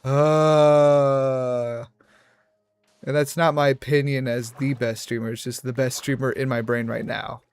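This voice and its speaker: A man's voice: mid-range voice, level tone, a little slow, clean tone, soft background music. A young man chatting casually on a game livestream, rambling from one tangent to the next and poking fun at himself. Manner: rambling, tangent-hopping, self-deprecating. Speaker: streamer. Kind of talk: casual livestream chat while gaming.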